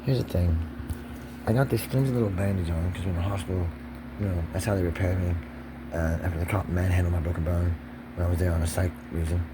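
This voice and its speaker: A man's voice: low voice, fairly even intonation, fast talker, heavy background noise. A man talking in a rambling, profane monologue, swinging from whispers to agitated pressured speech. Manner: rambling, drops to whispers then rises to agitated shouting.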